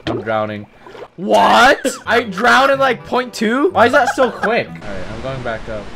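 A young man playing a video game with a friend, chatting excitably and yelping in high shrieks whenever something startles him. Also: a little slow, gravelly, heavy background noise. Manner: jumpy, yelps and shrieks when startled. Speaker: gaming YouTuber. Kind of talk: excitable let's-play banter.

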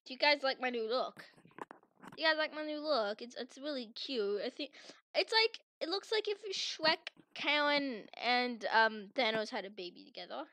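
High-pitched, bright woman playfully shouting. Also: animated, moderate pace, dry recording. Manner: theatrical, swings from mock fury to shouting; teasing, giggly. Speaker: gaming channel host. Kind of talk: playful game commentary with friends.

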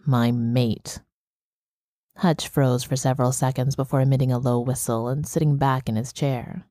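A woman narrating a first-person audiobook in a steady storytelling manner. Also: a bass voice, a little fast, no room sound, studio quality. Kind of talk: scripted narration.

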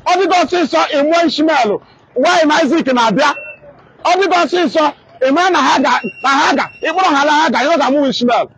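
A man's voice: very high-pitched, quick pace, fairly bright tone, slight background noise, low-quality recording. A man with an Igbo-speaking Nigerian accent gives an impassioned street broadcast in fiery, insistent speech, often repeating phrases.

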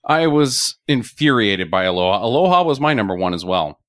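A man's voice: on the low side, very animated, fairly quick, a bit bright, dry recording, clean studio sound. A man hosting a casual podcast chat, blunt and sarcastic, swearing freely. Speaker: podcast host.

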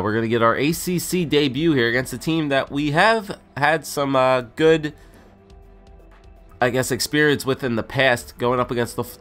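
A man's voice: lowish voice, a bit bright. A young man, a bit drunk, giving chatty, rambling play-by-play commentary on a hockey video game. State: tipsy. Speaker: gaming YouTuber. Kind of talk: casual gameplay commentary.

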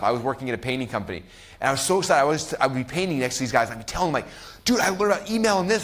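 Fast-talking, excitable male marketing coach. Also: a little high. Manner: fast, excitable, repeats "like" and "right?", acts out voices. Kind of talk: teaching a recorded marketing workshop.

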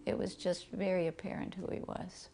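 A woman fondly recalling a personal memory, talking in a warm, reflective way. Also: on the low side, flat delivery, moderate pace, creaky, slight background noise. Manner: warm, fond, laughs softly. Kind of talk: reflective storytelling.

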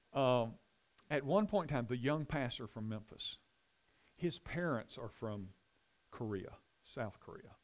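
A man's voice: mid-range voice, animated, slow, long pauses. Rambling storytelling pastor, man. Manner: rambling storytelling with many restarts. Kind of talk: Bible study teaching.

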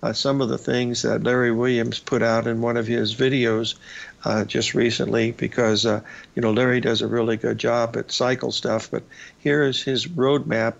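A male radio host giving casual market commentary over charts, folksy and rambling, with a raspy voice and lots of "uh" and "folks". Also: medium pitch, level tone, normal speed. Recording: slightly dull lo-fi broadcast audio.

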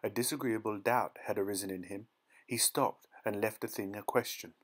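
A man narrating an audiobook short story in a soft, gentle dramatic reading style. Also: on the low side, steady tone, moderate pace. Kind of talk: scripted narration.

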